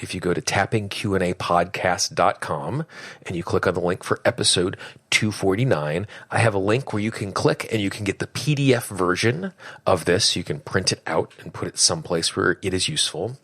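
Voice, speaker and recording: Low-voiced man with a cold. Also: a little fast, fairly bright tone, slightly rough, no echo. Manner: friendly, direct address to listeners. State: fighting a cold, voice deeper than usual. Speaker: podcast host. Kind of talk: solo podcast talk.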